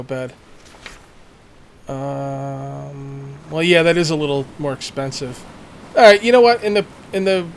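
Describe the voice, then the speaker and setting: Male let's-player, chatty think-aloud commentary, slightly high voice, faint game sound behind. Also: slight background noise. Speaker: let's play gamer. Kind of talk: casual gameplay commentary.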